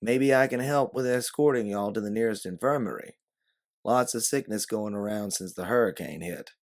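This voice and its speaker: A man voicing an early-1900s Southern policeman with a husky drawl. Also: lowish voice, normal speed, lightly acted. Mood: concerned.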